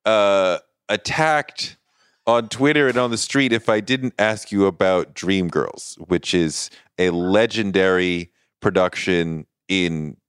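A middle-aged man hosting an interview podcast, asking questions in an enthusiastic, animated way. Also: low voice, smooth, no echo, clean studio sound. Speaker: podcast host. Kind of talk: casual interview.

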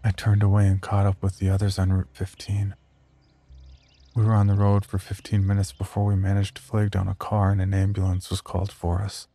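Male horror narrator, low and dark-toned, grim and measured first-person delivery. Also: completely flat delivery, faint music behind.

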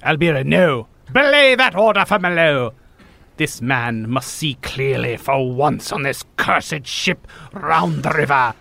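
A commanding, theatrical figure on a cursed riverboat who gives orders in a gravelly, bright voice. A man plays him in a tabletop game. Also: fairly high pitch, animated, a little slow, heavily acted.

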